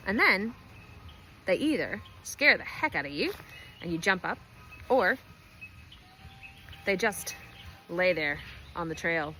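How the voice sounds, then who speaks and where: A woman's voice: fairly low pitch, lively intonation, slow, long pauses, pushed and bright, slight background noise, rough recording. A woman, a race organiser giving a chatty, playful briefing, recorded at a distillery pizzeria. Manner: chatty, playful, self-mocking. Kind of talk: casual race briefing video.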